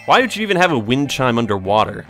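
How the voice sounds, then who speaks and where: A man's voice: medium pitch, big pitch swings, fast, pushed and bright, faint music behind. A young man giving casual, jokey gameplay commentary with sarcastic, rambling asides. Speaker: let's play host.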